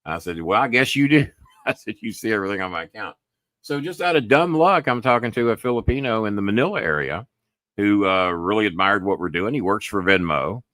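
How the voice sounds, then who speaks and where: A man hosts his own show and rambles through a story, full of "I said" asides and casual swearing. His voice sits low. The sound is dry and close, with no room around it. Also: animated, brisk, a bit bright, no room sound. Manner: rambling, retells calls with many "I said" asides; frequent swearing. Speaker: podcast host.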